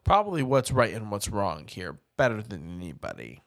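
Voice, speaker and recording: A man's voice: fairly low pitch, huge pitch swings, moderate pace, creaky, dry recording, studio quality. A man co-hosting a podcast, chatting casually through a movie recap in a laid-back, rambling way with casual swearing. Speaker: podcast co-host.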